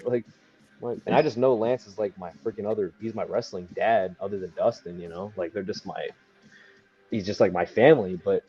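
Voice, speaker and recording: A young man, a wrestler guest, speaks in a lowish, mellow, husky voice at a fairly quick clip, with faint music behind him and a dull lo-fi sound. He tells a casual, rambling story packed with fillers, performing what others said.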